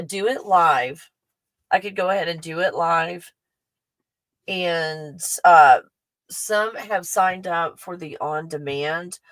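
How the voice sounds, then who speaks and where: A woman's voice: low-pitched, a bit bright, dry recording, poor audio. A woman hosting a live stream, chatting casually and effusively with her viewers and often restarting her sentences. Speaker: livestream host.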